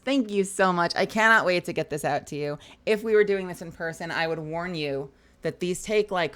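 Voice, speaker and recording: A woman with a slightly low voice chats away on a live stream while she signs autographs. She is excitable and talkative, laughs often and swears casually. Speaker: voice actor streaming an autograph signing.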